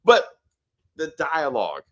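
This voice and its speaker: Guy venting about a bad movie, kinda high voice, swears a lot, acts out the scenes. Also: unhurried, dull audio. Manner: animated, exasperated, profane, acts out scenes. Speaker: movie review co-host. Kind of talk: casual spoiler review chat.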